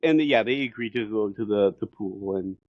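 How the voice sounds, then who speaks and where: A man co-hosting a casual anime review podcast, animated, acting out characters' lines and laughing a lot. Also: on the low side, moderate pace, dry recording, lo-fi sound. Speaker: co-host.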